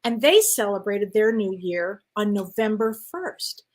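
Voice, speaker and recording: A middle-aged woman co-hosting a casual live online show, chatty and quick to laugh. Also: mid-range voice, very animated. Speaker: co-host. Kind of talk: casual live-stream chat.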